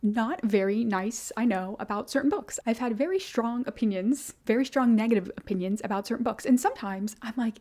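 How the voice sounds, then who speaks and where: A young woman vlogging about books she has read, chatty and gushing, with lots of "like" and quick asides. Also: on the high side, mellow. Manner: chatty, gushing, heavy use of "like". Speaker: book vlogger. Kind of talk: casual book review chat.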